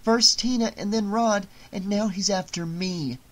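A woman's voice: mid-range voice, unhurried, voice pushed up. A narrator voicing a defiant, frightened teenage girl in an audiobook, speaking urgently and accusingly. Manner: urgent, accusing, shouting at times. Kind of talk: audiobook character reading.

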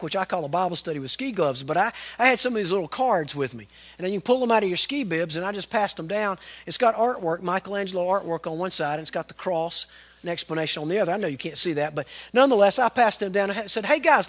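A man, preaching a sermon as pastor in an animated, folksy storytelling way. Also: high voice, quick pace. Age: 40s.

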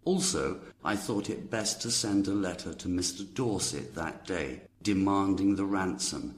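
Deep-voiced man narrating a story. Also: a little slow. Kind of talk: audiobook story narration for learners.

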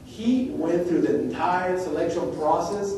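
A man's voice: high voice, a little slow, warm tone. A man delivering a conference keynote, telling a story in a conversational way and acting out bits of dialogue. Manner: anecdotal, acts out dialogue. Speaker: keynote speaker. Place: large conference hall. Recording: echoey hall, distant mic, faint noise.

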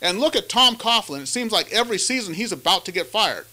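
Male sports host, high and bright, emphatic analysis chat. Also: expressive, quick pace. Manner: emphatic, leads the questions.

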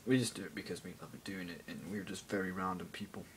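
A man's voice: low voice, steady tone, fast talker, a little hiss or hum, poor audio. A teenage boy rambling jokily into a phone camera, going off on random tangents. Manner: random, jokey, self-mocking, mutters asides. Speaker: vlogger. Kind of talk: rambling casual vlog.

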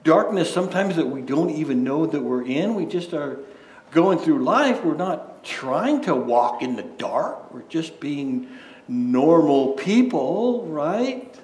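A man's voice: fairly high pitch, very animated, takes it slowly, darkish tone. A man preaching a sermon as pastor, conversational, asking rhetorical questions and often restarting his words. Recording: echoey room.

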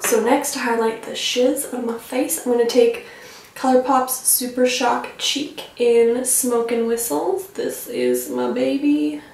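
A young woman chats her way through a makeup tutorial, rambling with lots of filler and poking fun at herself. Her voice sits high, with a gravelly fry. She sounds a little away from the mic, in a very echoey room. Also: lively intonation, measured pace, darkish tone, far from the mic. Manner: rambling, self-teasing, filler-heavy. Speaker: beauty vlogger.

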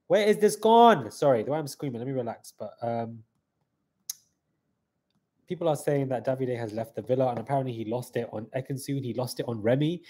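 A young man hosting a live reaction stream, excitable and hyped, calling out "guys" often, with a slightly stuffy nose. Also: mid-range voice, slightly rough. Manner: excitable hype talk, keeps saying "guys".

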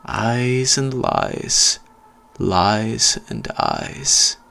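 A man voicing a sinister, ageless ghost boy in a horror story, speaking in a soft, eerie, sing-song whisper. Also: mid-range voice, animated, slow, slightly rough, voice pushed up, exaggerated voice. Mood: sing-song menace.

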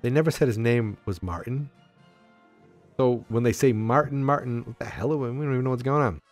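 A man hosting a casual podcast, recapping an old comic book, acting out lines in quick voices with chatty asides. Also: medium pitch, soft background music. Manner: animated, acts out character lines with voices, asides and fillers. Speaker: podcast host.

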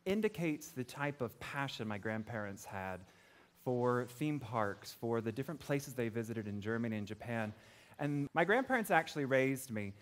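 A man's voice: mid-range voice, smooth. A man from Florida giving a conference presentation to an audience, telling personal stories with light jokes. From Florida, USA. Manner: personal, joking storytelling. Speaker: conference speaker. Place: conference stage before an audience.

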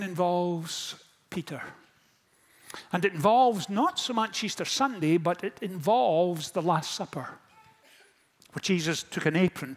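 A man, a pastor, preaching a sermon in a storytelling manner that moves from hushed lines to impassioned ones. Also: sits high.

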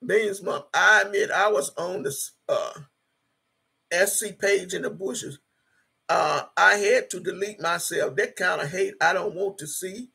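An older woman in her sixties chats on a livestream from home, reading comments aloud. Her voice is raspy and gravelly with a tense, bright edge. She talks bluntly, swears freely and repeats her points for emphasis. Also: lowish voice, measured pace. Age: 60s. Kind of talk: casual livestream chat.

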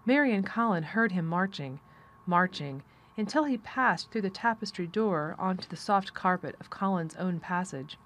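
A woman reading a classic novel aloud as an audiobook narrator, with steady, measured storytelling. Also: lowish voice, a little hiss or hum. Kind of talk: scripted narration.

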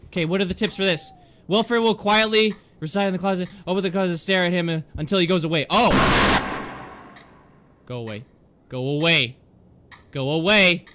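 A young man commenting on a horror game he is playing, excitable, yelling, laughing and talking back to the characters. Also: high voice, quick pace, noisy background. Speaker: gaming YouTuber.

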